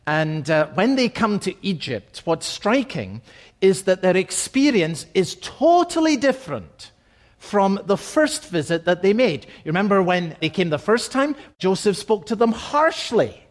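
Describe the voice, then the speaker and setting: A man preaching a sermon as pastor, reading scripture verses and explaining them, slowing and dropping softly on key phrases. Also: sits high, very animated.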